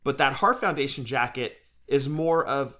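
A man co-hosting a casual podcast chat, jokey and quick to laugh. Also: mid-range voice, expressive, pushed and bright. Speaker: co-host.

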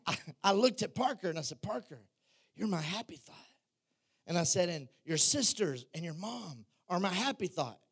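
A man's voice: sits high, animated, normal speed, a bit bright, husky. A man, preaching a sermon in a chatty storytelling way with self-deprecating humor.

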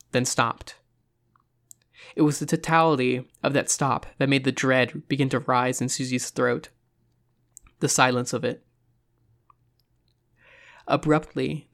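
Casting: suspenseful horror audiobook narrator, measured delivery, middle pitch. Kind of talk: horror story reading.

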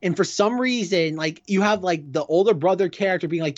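A man co-hosting a casual chat, rambling in an animated way with lots of fillers. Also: sits high, fairly quick, no room sound. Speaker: podcast co-host. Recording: dry, dull lo-fi sound.

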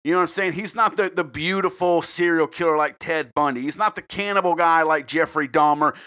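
High, bright-voiced podcast host. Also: male voice. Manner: profane, rambling, quick to joke. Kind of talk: casual true-crime podcast chat.

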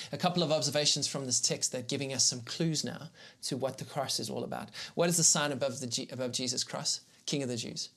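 A man's voice: mid-range voice, quick pace, vocal fry, fairly bright tone. A man, a pastor teaching live online, talking conversationally, greeting viewers in the chat and reading scripture aloud with emphasis. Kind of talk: live-streamed Bible teaching.

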